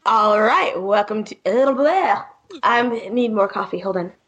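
A woman's voice: mid-range voice, expressive, measured pace, fairly bright tone. A woman hosting a podcast in casual banter, joking and directing her co-hosts. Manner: bossy, joking, directs the takes. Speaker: podcast host.

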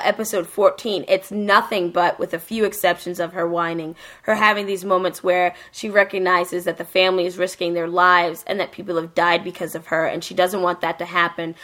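A young woman co-hosts a casual anime chat, animated and profane, acting out characters as she recaps. Her voice is lowish.

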